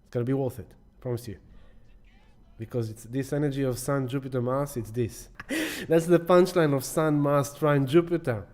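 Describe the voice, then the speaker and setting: Hosting a live astrology stream, a man talks with casual affection, calling out viewers by name and rambling through frequent restarts and repeated words. His voice is a little high and expressive, somewhat dark in tone, at a measured pace.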